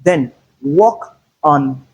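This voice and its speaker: Male English teacher, husky tone, measured drilling pace for a pronunciation lesson. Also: fairly high pitch, expressive, poor audio. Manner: slow, deliberate, repeats example words with stress. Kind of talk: phonetics lesson.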